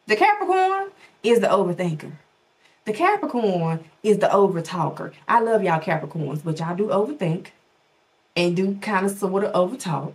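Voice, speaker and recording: A woman hosting her own show, talking casually and animatedly straight to her viewers, swooping her pitch for emphasis. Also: normal speed. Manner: animated, folksy, talks straight to her audience. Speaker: podcast host.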